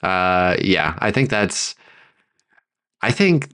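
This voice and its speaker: A man's voice: low-pitched, big pitch swings, extremely slow, fairly bright tone. A man co-hosting a podcast, thinking aloud through a story idea in casual chat and acting out characters' lines. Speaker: podcast co-host.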